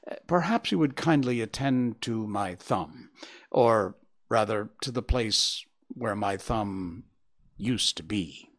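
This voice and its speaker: A man's voice: fairly low pitch, expressive, slow, a bit bright, full character voice. A man voicing a shaken, wounded young engineer in a storybook reading, talking in agitated, breathless bursts. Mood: weary.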